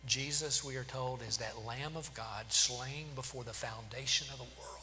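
A man's voice: medium pitch, steady tone, moderate pace, sharp tone. A man preaching a sermon as pastor, firing off rhetorical questions with emphasis. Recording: long hall reverb, faint hum.

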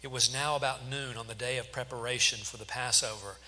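A man narrates scripture in a steady, dramatic reading, stumbling a little now and then. His voice is very bright and clear. A long hall reverb trails behind it. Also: mid-range voice, brisk. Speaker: scripture reader.

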